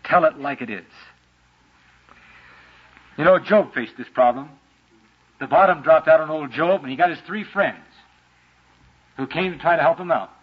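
A man preaching a sermon with a lively, dramatic delivery, sometimes acting out the voices of the people he quotes, on a muffled lo-fi recording. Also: a little high, breathy edge.

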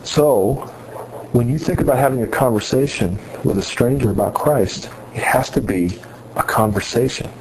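A man's voice: medium pitch, moderate pace, darkish tone, a little hiss or hum, rough recording. A man giving an earnest sermon-style talk to students, retelling a story with many restarts. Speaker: speaker addressing students on faith.

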